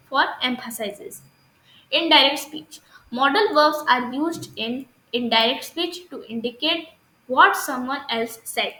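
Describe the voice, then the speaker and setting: A woman's voice: sits high, pushed and bright, reverberant, rough recording. A woman with an Indian English accent teaching an English grammar lesson, hesitant, with many fillers and restarts, checking if students understood.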